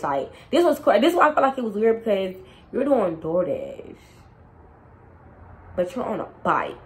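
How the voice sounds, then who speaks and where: A young woman casually telling a storytime to her viewers, animated and slangy, talking straight to them. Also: lowish voice, rough recording. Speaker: storytime vlogger.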